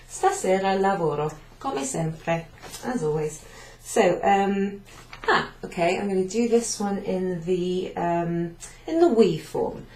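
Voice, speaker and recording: A woman's voice: lowish voice, creaky, a little mellow. A woman teaching a beginners' language class, explaining step by step with fillers. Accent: British. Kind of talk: classroom lesson at a whiteboard. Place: class room in a venue. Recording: echoey room.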